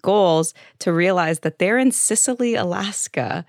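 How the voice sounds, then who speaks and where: A woman's voice: lowish voice, unhurried, no echo, studio quality. A woman guest on a podcast, analyzing characters in a thoughtful, analytical way. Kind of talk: casual podcast discussion.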